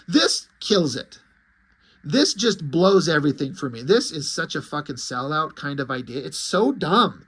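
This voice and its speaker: A man's voice: fairly high pitch, big pitch swings, measured pace, fairly bright tone, slightly rough. A man reviewing a comic in a casual vlog, ranting in disbelief and swearing freely. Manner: incredulous, profane ranting.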